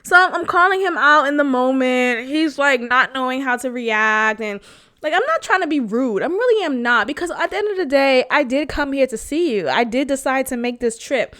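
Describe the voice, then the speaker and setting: A woman podcast host telling a personal dating story to her listeners, blunt and animated, swearing freely and laughing as she talks. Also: high voice, moderate pace.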